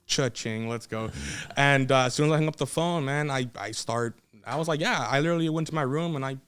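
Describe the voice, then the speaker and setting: A young man, a wrestler, telling a story in a casual podcast chat, animated and laughing often, acting out what others said. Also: fairly high pitch, quick pace, clean tone.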